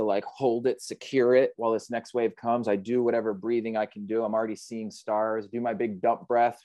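A man's voice: lowish voice, a little mellow, no echo. A man, a surfer guest on an interview podcast, retelling a near-drowning in a vivid, earnest and reflective way. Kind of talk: emotional storytelling in an interview.

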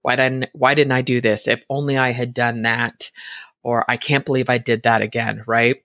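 A woman's voice: a bass voice, flat delivery, normal speed, a bit bright, dry recording. Chatty woman podcast host, dry sound. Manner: chatty, laughs often, frequent "right?". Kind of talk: casual solo talk.

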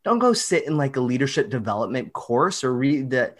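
A man's voice: mid-range voice, big pitch swings, a little fast. Enthusiastic man explaining research. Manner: enthusiastic, self-described nerd, emphatic. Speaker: guest, researcher.

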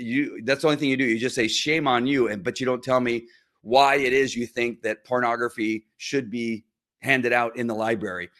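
A man's voice: medium pitch, fairly bright tone. A man ranting straight to the camera, sarcastic, speaking to a critic by name with many restarts. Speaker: social media commenter. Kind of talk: direct-to-camera rant.

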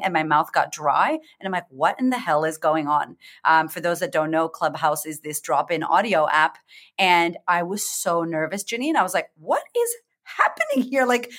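Woman, middle-aged, lowish voice, expressive storyteller, acts out her thoughts. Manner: expressive, acts out her own inner voice, laughs often. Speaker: confidence coach, podcast guest. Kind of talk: animated storytelling in casual interview.

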